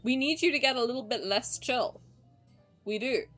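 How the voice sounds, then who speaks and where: A young woman streamer excitedly commenting on a game playthrough, swearing and laughing often. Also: on the high side, moderate pace, faint music behind.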